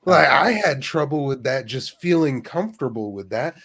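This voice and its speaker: A man's voice: mid-range voice, animated, normal speed, vocal fry, a bit bright. A man on a podcast, a guest, telling rambling stories with lots of restarts. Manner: rambling, self-interrupting storytelling. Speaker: guest streamer. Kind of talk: casual podcast chat.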